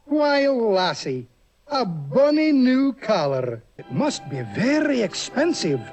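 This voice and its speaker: A man voicing a fussy, kindly old male Scottish terrier with a Scottish accent and a chirpy brogue, in a 1950s animated film. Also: very high voice, slow, soft background music, exaggerated voice. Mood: admiring.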